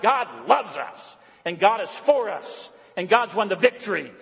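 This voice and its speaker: Husky high-voiced preacher in a reverberant hall. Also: male voice, very animated, moderate pace, hardly any pauses. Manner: dramatic swings from loud proclaiming to hushed intensity. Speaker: pastor. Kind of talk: sermon. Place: church sanctuary. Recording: long church hall reverb.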